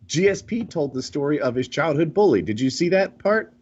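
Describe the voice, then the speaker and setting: Husky-voiced man telling a story animatedly. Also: fairly high pitch, expressive, brisk, a little mellow. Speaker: podcast host. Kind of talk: casual podcast storytelling. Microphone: home podcast mic. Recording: dull lo-fi mic.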